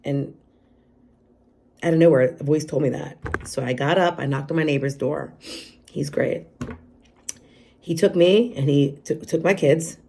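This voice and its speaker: A woman vlogger giving an earnest, halting, confessional personal testimony. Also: sits low, vocal fry, dark tone, breathy edge.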